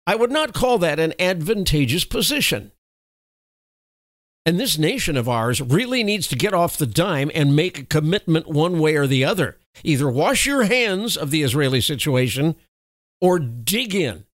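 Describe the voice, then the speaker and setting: A man's voice: a little high, very animated, moderate pace, dry recording. A male host giving emphatic, opinionated political commentary and correcting himself mid-thought.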